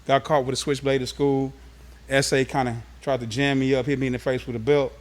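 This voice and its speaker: A man's voice: medium pitch, a little fast. Streetwise man telling stories from Los Angeles. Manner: animated, streetwise storytelling. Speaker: interview guest. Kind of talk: casual storytelling interview.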